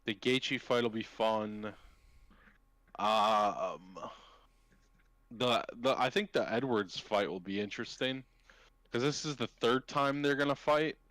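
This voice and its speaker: A man's voice: mid-range voice, slow, long pauses, a bit bright, dry recording. A young man co-hosting a casual sports podcast, laid back with short teasing remarks. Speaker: podcast co-host.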